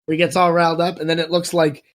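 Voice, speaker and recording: A man's voice: a little high, flat delivery, fast. A man co-hosting a political podcast, ranting heatedly, swearing often and stammering as he gets worked up. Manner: ranting, swears a lot, stammers when angry. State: worked up, spitting mad. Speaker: podcast co-host.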